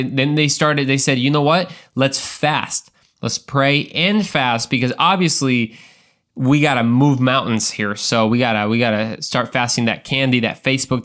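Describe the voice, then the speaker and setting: A young adult man hosts a Christian podcast, talking casually and earnestly. He rambles and restarts his sentences as he tells stories, in a voice of average pitch for a man. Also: fairly bright tone. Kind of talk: casual podcast talk with storytelling.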